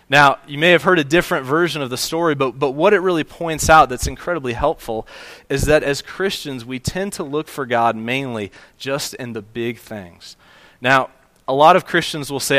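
A man's voice: medium pitch, moderate pace, fairly bright tone, dry recording. A male pastor preaching a sermon, telling a story in a conversational way with small restarts.

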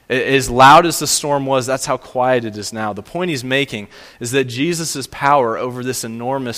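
An earnest male pastor delivers a sermon with emphatic, repeated phrases. His mid-pitched voice carries a long hall reverb. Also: fairly bright tone. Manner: earnest, emphatic preaching with repetition.

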